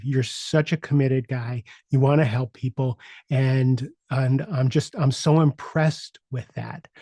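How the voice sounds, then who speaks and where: A middle-aged man hosts a coaching podcast and talks through a personal story in a loose, halting way, circling back with fillers and restarts. His voice is warm and mellow at an ordinary pitch. It is recorded dry and close, with no room sound. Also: dry recording. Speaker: podcast host and executive coach. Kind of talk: casual personal storytelling monologue.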